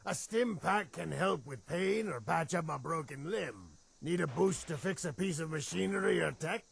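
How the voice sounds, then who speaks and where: A gravelly Spanish-accented ghoul dealer. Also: male voice, on the high side, animated, moderate pace, exaggerated voice. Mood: sly. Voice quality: raspy, gravelly. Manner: slick, persuasive salesman patter. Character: raspy male ghoul, smooth-talking chem peddler. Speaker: game character.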